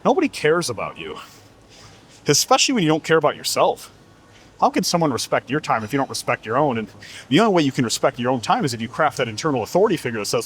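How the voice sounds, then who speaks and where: Blunt, husky-voiced man lecturing. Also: medium pitch, very animated, quick pace. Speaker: fitness coach. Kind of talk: motivational monologue.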